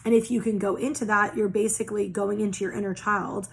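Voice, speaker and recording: Fast and flat, with a mid-range voice and vocal fry, a young tarot and oracle reader gives a casual spiritual reading. She stays earnest and reassuring while repeating phrases in long lists and swearing casually.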